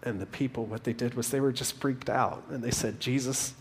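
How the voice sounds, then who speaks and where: A man's voice: mid-range voice, fairly even intonation, a little fast. A man preaching a sermon, earnestly retelling a story with frequent restarts. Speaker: pastor.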